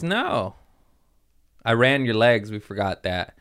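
A comedian hosting a podcast, chatting casually with lots of swearing and jumping into high squeaky voices when quoting kids. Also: male voice, slow, clear, resonant tone. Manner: animated, swearing, acts out voices in quotes. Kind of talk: casual chat.

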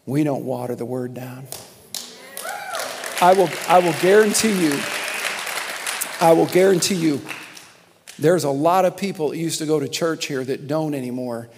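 Young male pastor, higher pitch, animated sermon with laughs, long hall reverb. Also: normal speed, long pauses, a crowd in the background, noisy background. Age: young adult. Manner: animated storytelling, laughing and exclaiming. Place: church sanctuary.

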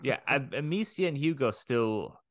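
A man co-hosting a podcast, chatting casually, animated, swearing freely and laughing often. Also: mid-range voice, normal speed, no room sound, clean studio sound. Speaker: podcast co-host. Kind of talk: casual chat.

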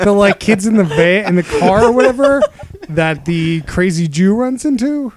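A man's voice: high-pitched, animated, measured pace, slight background noise. A man co-hosting a podcast, hesitant and giggly while talking movies. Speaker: podcast co-host. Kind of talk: casual movie-review chat.

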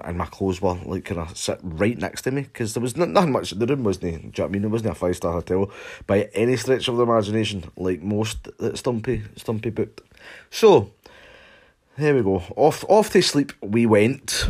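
A young man with a Scottish accent recounts a story in loose, profanity-laden chat. His voice sits low with a husky, slightly breathy edge. He talks to the camera like he's telling mates down the pub. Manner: swears constantly, animated retelling with shouted quotes. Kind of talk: casual anecdote to camera.

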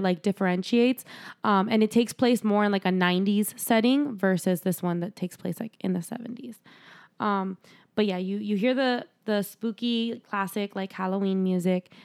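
A woman's voice: mid-range voice, normal speed, darkish tone, clear, resonant tone. A young woman casually recapping a horror movie with a co-host, chatty, laughing often and swearing freely. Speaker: podcast co-host.

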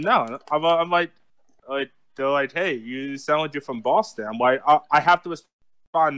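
A man's voice: medium pitch, moderate pace, fairly bright tone, clean tone, dry recording. Male podcast co-host from Philly, mid-range voice, crude joker. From Philadelphia. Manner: joking, crude, storytelling with put-on voices. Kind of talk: rowdy casual chat.

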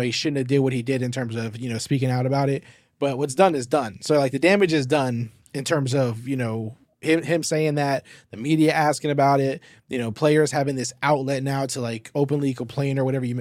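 A man's voice: medium pitch, dry recording, clean studio sound. A man hosting a sports show, giving casual commentary in a rambling way with lots of fillers and emphatic bursts.

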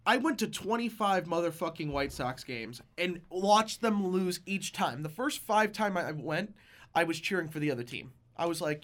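A man's voice: on the high side, animated, moderate pace, fairly bright tone. A young man co-hosting a podcast, telling rambling, profane, joking stories in casual chat. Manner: rambling, profane, jokey storytelling. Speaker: podcast co-host.

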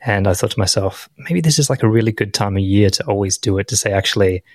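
Man in his thirties, low voice, casual podcast chat. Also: fast talker, a little mellow, no room sound, studio quality. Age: 30s. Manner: rambling, with frequent fillers and laughs. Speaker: podcast co-host.

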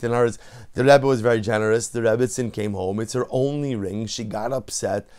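A man who is a rabbi, telling a story in a sermon in an animated, dramatic way. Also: mid-range voice, a little fast, clean tone.

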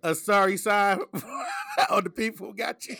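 A man hosting a podcast in relaxed casual chat, laughing often and using easygoing slang. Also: high voice, a little slow, gravelly, no echo, clean studio sound. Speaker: podcast host.

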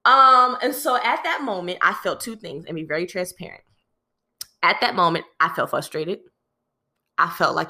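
A woman telling a work story in casual vlog fashion, animated, speaking to her listeners as "y'all" with lots of "you know" and repeated phrases. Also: lowish voice, moderate pace. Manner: frequent fillers and repeated phrases.

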